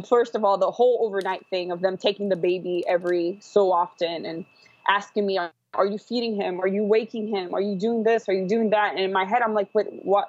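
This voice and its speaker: A woman's voice: mid-range voice, darkish tone, no echo. Woman, podcast guest, casual rambling storyteller, dry and dull-sounding recording. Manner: rambling, with frequent fillers and restarts. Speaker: guest telling her birth story.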